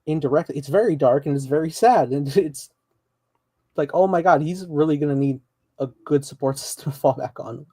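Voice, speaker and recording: A man co-hosting a podcast, recapping a TV episode in relaxed, rambling casual chat with many fillers. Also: a little high, fairly quick, slightly rough, dry recording. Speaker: podcast co-host.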